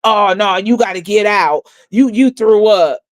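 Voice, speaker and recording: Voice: mid-range voice, a little slow, close to an everyday voice. A streamer mimicking a whiny female security guard. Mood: mocking. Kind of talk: mocking impression in a story.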